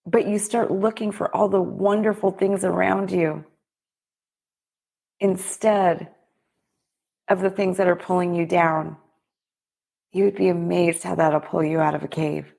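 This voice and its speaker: Speaking straight to her listeners, a middle-aged podcast host and business coach delivers a heartfelt, preachy motivational talk. Her mellow, creaky voice is on the low side with fairly even intonation, a little slow, and she pauses often.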